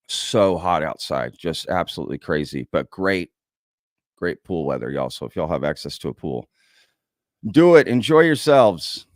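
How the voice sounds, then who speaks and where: His low voice swings widely in pitch at a normal speed as he runs a loose, casual livestream, reading comments from viewers and throwing in "y'all." He has an American accent, and the audio is echo-free studio quality.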